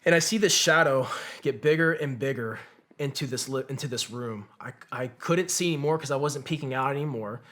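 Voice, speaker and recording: A man's voice: mid-range voice, brisk, a bit bright. A combat veteran, a man, telling his war story as a podcast guest, swearing freely and acting out what others said. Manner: profane, vivid war storytelling; acts out quotes of others. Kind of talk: storytelling in conversation.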